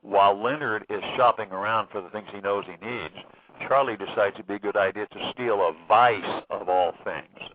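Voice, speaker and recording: Male author guest, low voice, hesitant with frequent fillers; phone-line sound. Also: slight background noise. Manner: halting, many fillers and restarts. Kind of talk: phone interview recounting a case.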